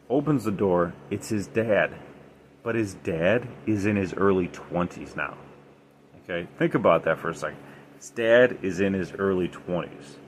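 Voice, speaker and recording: Sitting low in pitch, this male podcaster spins paranormal yarns in a meandering, forceful style packed with fillers. A bit of hiss or hum runs under the recording.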